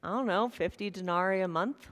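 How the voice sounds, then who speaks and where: A woman's voice: medium pitch, a little fast, fairly bright tone, pitched below the performer's own voice, close to an everyday voice. Stern Roman guard, as a woman preacher puts him on. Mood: puzzled. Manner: barked challenges, raised voice. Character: gruff male Roman guard, suspicious and stern. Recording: long reverb of a large hall.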